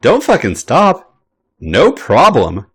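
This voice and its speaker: A man's voice: medium pitch, wildly swooping pitch, unhurried, voice pushed up. A man voicing a cheerful, affectionate young man who teases in a sing-song way. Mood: teasing. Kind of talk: audiobook-style read fiction.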